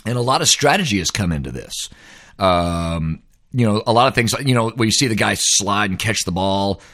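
A man's voice: on the low side, expressive, moderate pace, a bit bright. A middle-aged man, hosting a ranting, emphatic sports commentary monologue. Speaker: host.

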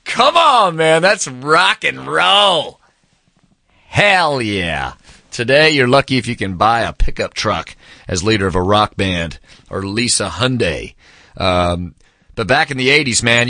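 A man's voice: on the low side, pushed and bright, dry recording, clean studio sound. A man in his forties casually reviewing a book, telling stories with enthusiasm, acting out quotes and saying "man" a lot.

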